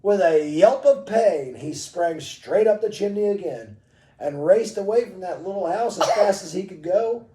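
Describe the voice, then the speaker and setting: A woman reading a bedtime story aloud to a child, gentle and expressive. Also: medium pitch, moderate pace, a little hiss or hum. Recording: roomy echo, distant mic.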